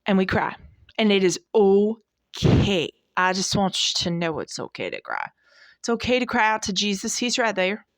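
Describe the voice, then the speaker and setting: A woman in her forties with a mid-range, sing-song voice speaks at a moderate pace. As a devotional podcast host, she preaches in a folksy, emphatic style, restating points to stress them. The studio sound is clean, with no echo.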